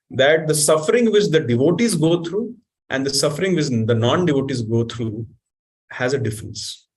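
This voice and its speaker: A man giving an animated sermon, questioning the audience and reciting Sanskrit verses. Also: a little high. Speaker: spiritual teacher.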